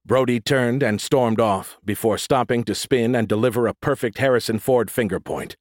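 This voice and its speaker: A man narrating an audiobook in a steady, even reading. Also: lowish voice, normal speed, few pauses, no echo, studio quality.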